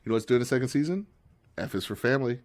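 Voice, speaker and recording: A man co-hosting a podcast in a relaxed, teasing chat. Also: medium pitch, very fast. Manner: relaxed, laughs often, teasing. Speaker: podcast co-host. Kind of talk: casual chat.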